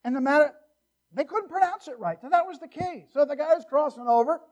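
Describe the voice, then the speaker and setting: A male pastor preaching an expository sermon in a church, animated and given to joking asides, his loudness rising and falling widely. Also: very high voice, a little fast, highs cut off.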